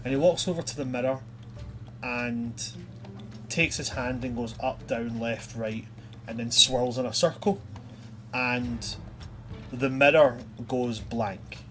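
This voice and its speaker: A man's voice: medium pitch, slow, pauses often, fairly bright tone, a little hiss or hum. A man narrating a tabletop game as game master, chatty and loose. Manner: chatty, loose, many fillers.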